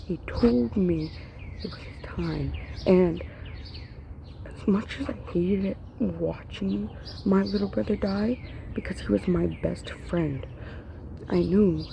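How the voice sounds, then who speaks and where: A woman's voice: on the low side, creaky, warm tone, slight background noise, poor audio. A young woman ranting to camera, upset and grieving, her voice breaking and dropping to whispers. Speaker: vlogger. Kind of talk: emotional rant to camera.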